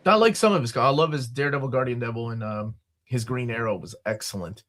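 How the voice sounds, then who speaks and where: A man hosting a casual panel chat about comics. He reads product listings aloud and breaks off into excited asides, with a plain mid-range voice. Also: mid-range voice, quick pace. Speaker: podcast host.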